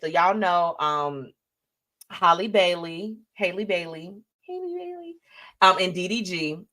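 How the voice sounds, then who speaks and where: A woman with a voice on the low side runs a live show, dishing casually on celebrity news with sass and energy while reading comments sent in by viewers.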